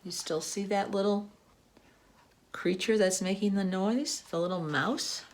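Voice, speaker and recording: A woman librarian reading a storybook to children and then explaining a craft, gently checking in with "okay?" as she goes. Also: mid-range voice, unhurried.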